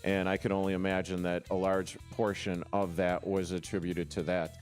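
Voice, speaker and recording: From a studio microphone, a man hosts a laid-back sports radio show in a low voice with little pitch movement at a normal pace, soft music playing behind him. He rambles, cracks jokes at his own expense, and leans heavily on fillers and restarts.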